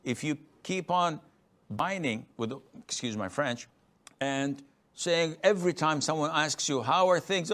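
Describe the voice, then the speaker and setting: A man's voice: fairly high pitch, a little slow, a bit bright. A middle-aged man giving a religious lecture as a scholar answering a question, emphatic and at times mimicking complainers. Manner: emphatic, acts out complainers' voices.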